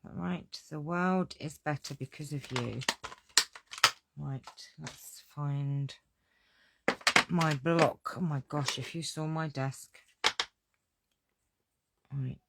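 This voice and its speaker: A woman's voice: sits low, drawn-out words, creaky, long pauses, heavy background noise. Gushing woman demonstrating card crafts. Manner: gushing, exclamatory, talks to viewers. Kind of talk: live crafting tutorial chat. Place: home craft desk.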